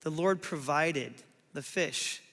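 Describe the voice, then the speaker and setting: A male pastor preaching a sermon, telling a story with animated delivery and acting out what people said. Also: fairly high pitch, takes it slowly, big-room sound.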